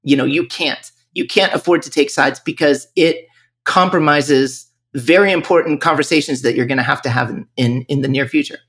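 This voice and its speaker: He has a fairly bright voice that's a little high, and he keeps to a moderate pace. A music school owner from northern Virginia, he's candid and reflective in this podcast interview and often restarts what he's saying.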